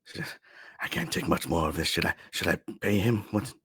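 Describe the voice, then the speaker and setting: A man's voice: sits low, very animated, fairly quick, fairly bright tone, husky, heavily acted. A man voicing a nervous, put-upon male tavern keeper who stammers. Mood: anxious. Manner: stammering, fretful.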